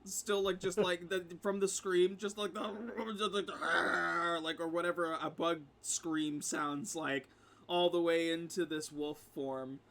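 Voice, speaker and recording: A man's voice: on the high side, fairly even intonation, unhurried. A man narrating as game master of a tabletop game, rambling through vivid descriptions with lots of restarts.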